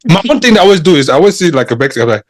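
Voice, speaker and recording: Man from Africa, dry close-miked voice, jokey, animated, casual podcast co-host. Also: a little high, rapid-fire, dry recording. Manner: jokey, animated, repeats "I beg".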